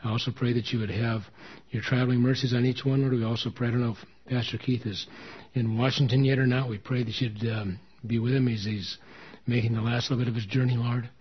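A man leads a church meeting, speaking with earnest conviction before moving into a fervent closing prayer over the people gathered. His voice is husky, at an ordinary pitch for a man. The recording is dull and lo-fi. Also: fairly even intonation, a little fast. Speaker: pastor.

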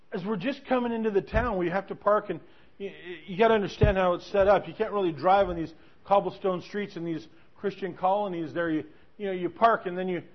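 High-voiced preacher telling a story, lo-fi. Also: male voice. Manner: animated, with many restarts. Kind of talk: sermon storytelling. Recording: dull lo-fi recording.

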